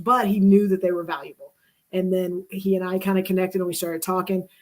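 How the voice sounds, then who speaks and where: A woman's voice: fairly low pitch, a little mellow. A woman co-hosting a casual livestream, giving background in a rambling way with frequent agreement. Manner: explains with many fillers and restarts, agreeing often. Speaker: co-author and livestream co-host.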